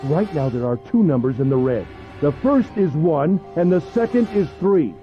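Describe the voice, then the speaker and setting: A man's voice: fairly high pitch, expressive, normal speed, dull audio, soft background music, natural voice. A man playing a pompous, mocking captor. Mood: smug. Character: smug, cruel older male captor. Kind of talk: video game voice acting.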